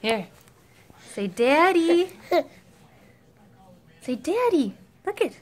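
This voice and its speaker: A woman filming her babies at home on a handheld phone, talking in a gentle, coaxing, sing-song baby voice. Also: high voice, expressive, takes it slowly, pauses often. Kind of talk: home video baby talk. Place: family home.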